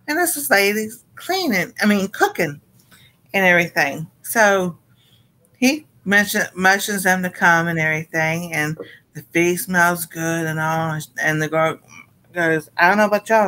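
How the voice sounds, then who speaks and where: A woman casually recapping a cartoon episode for a panel show, rambling and halting with many fillers. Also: on the low side, sharp tone, poor audio.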